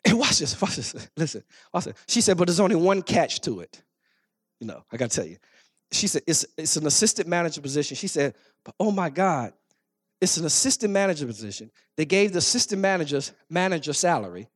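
A man with a lilt preaching to his congregation. His voice sits high and leaps widely in pitch. He moves from storytelling into fervent, shouted exhortation. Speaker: pastor. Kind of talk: sermon.

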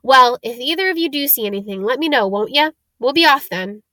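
A woman voicing a gruff giant male gamekeeper with a rural English dialect, talking loud and blunt. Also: sits high, lively intonation, brisk, no echo, clean studio sound. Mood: impatient.

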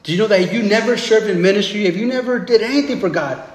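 A man's voice: high voice, fast talker. A man preaching a casual, conversational sermon as pastor, often asking "right?" and restarting his sentences. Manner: conversational, tag questions and restarts. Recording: echoey hall with long reverb.

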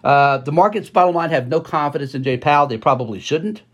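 Podcast host, a man with a fairly high voice, forceful and repetitive market commentary, lots of fillers. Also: fast talker. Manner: emphatic, repeats words for stress; frequent fillers and restarts.

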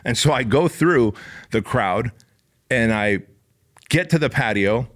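A man's voice: medium pitch, animated, slow pace, a bit bright. Man, mid-range voice, loose profane storyteller who leans on "bro" and "like", spins anecdotes casually. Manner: profane, rambling, heavy on fillers like "bro" and "like".

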